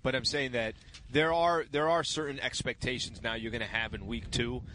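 A man co-hosts sports talk radio, tossing in quick quips and jokes. His tone is bright and forceful, at an average male pitch, with a faint hiss of noise behind him. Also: steady tone, rough recording. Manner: quick quips, joking asides.

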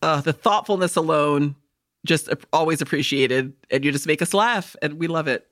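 This woman's voice is low-pitched and moves at a normal speed. As a podcast co-host she chats casually with animated energy, cracking crude jokes and swearing.

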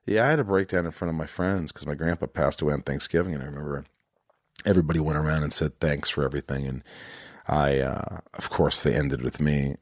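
A man's voice: extremely low pitch, no room sound. A man hosting a podcast in casual chat, talking earnestly and profanely with many restarts, on a studio mic. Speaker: podcast host.

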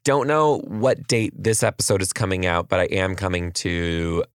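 A man's voice: deep voice, steady tone, normal speed, smooth, no room sound, clean studio sound. A man in his thirties hosting a casual comedy chat, playful and teasing. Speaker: comedian and podcast host.

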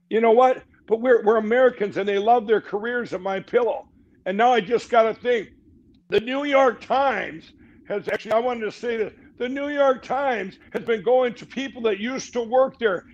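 On dull, lo-fi audio, a middle-aged man speaks as a guest on a talk show in a high, slightly mellow voice. His interview talk is fast and rambling, delivered emphatically with frequent restarts.

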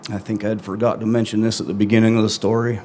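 A middle-aged man telling a true first-person story on stage, earnest and halting, with long pauses between phrases. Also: on the low side, flat delivery, darkish tone, slight background noise.

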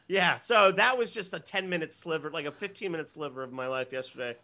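Man, high voice, bright tone, animated comic storyteller, swears, guest. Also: normal speed. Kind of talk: comedic storytelling.

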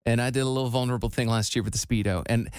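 A man's voice: mid-range voice, steady tone, rapid-fire, clean tone, dry recording, clean studio sound. A man in his forties co-hosting a radio show in casual chat, laughing often and restarting his sentences.

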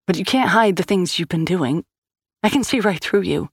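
A woman's voice: fairly low pitch, lively intonation, normal speed, slightly rough, dry recording, studio quality, voice pushed up. A woman reading an earnest, worried friend. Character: worried, loyal young woman, blunt.

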